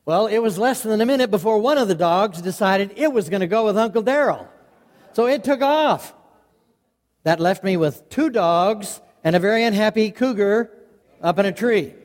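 High-voiced folksy male storyteller. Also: normal speed. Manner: lively, animated, chuckling through the tale. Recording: long hall reverb.

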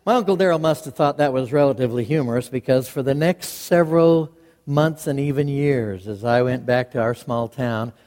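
A man telling a folksy story to a live audience in a lively, animated way, chuckling as he goes. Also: medium pitch, normal speed. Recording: long hall reverb.

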